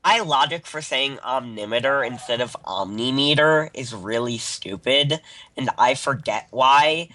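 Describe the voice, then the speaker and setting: A man's voice: medium pitch, measured pace, bright, forceful tone. A man from the eastern United States playing a game with a friend, goofy and playful in casual banter. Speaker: friend testing the mod.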